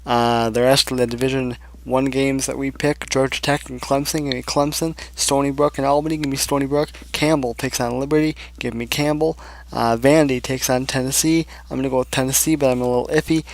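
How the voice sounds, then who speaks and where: A man's voice: medium pitch, level tone, fairly quick, a little hiss or hum. A young man hosting a casual sports picks show, rambling through scores and predictions with plenty of fillers. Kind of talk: casual solo sports commentary.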